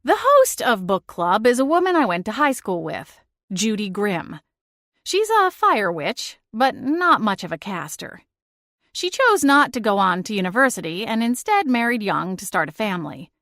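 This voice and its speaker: A woman's voice: mid-range voice, normal speed, no echo, studio quality. Woman narrating a romance audiobook expressively. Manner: expressive, shifting into exasperated dialogue. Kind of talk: first-person audiobook narration.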